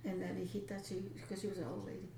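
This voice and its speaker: A woman's voice: medium pitch, monotone, quick pace, vocal fry, roomy sound, background noise. A woman with a Texan accent whose first language is Spanish, telling stories in casual chat and laughing as she talks. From Texas. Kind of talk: casual storytelling.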